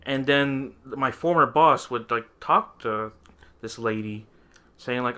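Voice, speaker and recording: Bright-voiced man telling a story. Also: mid-range voice, measured pace. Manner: animated, laughs often, acts out quoted lines. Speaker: podcast co-host. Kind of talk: casual storytelling chat.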